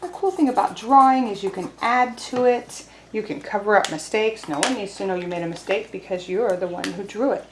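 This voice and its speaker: A woman teaching a video lesson to young children, speaking cheerfully, slowly and clearly. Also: medium pitch, echoey room, a little hiss or hum. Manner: cheerful, slow and clear, sings simple songs. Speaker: preschool teacher.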